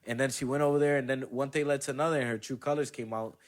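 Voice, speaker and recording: A man's voice: mid-range voice, very fast. A young man, a comedian guest on a casual podcast, telling a story with lots of swearing and acted-out quotes. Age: young adult. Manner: animated storyteller, swears a lot, acts out quotes.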